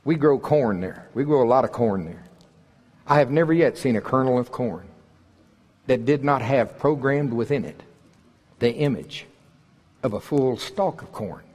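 Older oklahoma guy preaching, folksy and jokey, a bit husky, big echoey hall. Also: medium pitch, lively intonation, normal speed, pauses often, darkish tone. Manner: folksy, joking, builds to emphatic peaks. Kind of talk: sermon. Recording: husky voice in a large reverberant hall.

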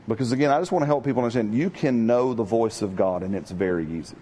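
A middle-aged man preaching a sermon in a lively, conversational way, often asking his congregation questions. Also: mid-range voice, fast talker, a little hiss or hum. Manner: animated, call-and-response with congregation. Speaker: pastor.

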